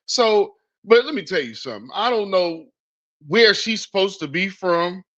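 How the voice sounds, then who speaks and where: A man's voice: sits high, animated, moderate pace, a bit bright. A man hosting political commentary in a blunt, sarcastic, emphatic way, with a dull lo-fi recording. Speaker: news commentary host.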